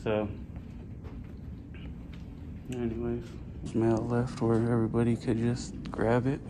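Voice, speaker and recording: A man's voice: mid-range voice, completely flat delivery, takes it slowly, background noise. A man filming inside a public office, arguing with staff and repeating his questions. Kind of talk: confrontational auditor video.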